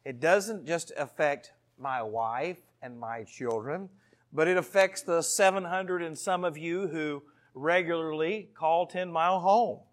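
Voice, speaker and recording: A man's voice: a little high, unhurried. A man in his thirties preaching a sermon to his congregation, earnest and storytelling, with asides to the listeners. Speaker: pastor.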